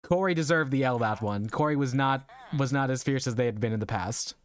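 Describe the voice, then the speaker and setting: A man's voice: medium pitch, brisk. Chatty young man streaming a game. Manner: chatty, rambling, laughs often, talks to chat. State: strained voice. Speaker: VTuber streamer. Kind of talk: casual live game stream chat.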